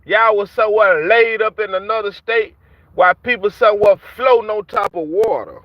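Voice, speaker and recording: Man vlogger, angry taunting rant, high voice, dull dry lo-fi sound from a car. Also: normal speed, no room sound. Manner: heated, repetitive, taunting. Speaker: vlogger ranting at rappers. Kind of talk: angry street-talk rant to camera.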